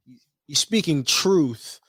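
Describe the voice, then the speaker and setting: A man's voice: on the high side, expressive, takes it slowly, slightly rough, dry recording. A man co-hosting a podcast in casual chat, rambling and restarting his phrases as he looks for words. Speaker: podcast co-host.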